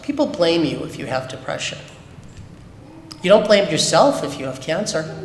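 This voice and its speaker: A man's voice: sits high, very animated, normal speed, slight background noise. A man giving a candid, emphatic personal talk at a Shabbat service, full of rhetorical questions. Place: synagogue sanctuary. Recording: echoey hall with long reverb.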